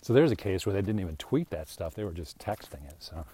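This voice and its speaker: An older man with a lowish voice giving a loose, rambling commentary monologue. He chuckles between points and often slips into mocking voices. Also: lively intonation, fast talker, warm tone, a little hiss or hum. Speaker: political commentator. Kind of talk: casual monologue.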